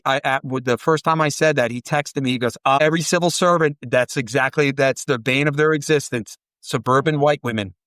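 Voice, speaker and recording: A man's voice: medium pitch, clear, resonant tone, no room sound. Guy in his 40s rambling thru stories, swears a lot, acts out voices, dead dry mic. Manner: rambling, profane, animated storytelling with quoted dialogue. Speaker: podcast guest. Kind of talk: casual storytelling chat.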